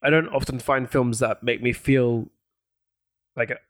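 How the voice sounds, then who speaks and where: Man, casual film talk, hesitant, lots of ums, dry room sound, mid pitch. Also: unhurried, no room sound. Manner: relaxed, hesitant, many fillers.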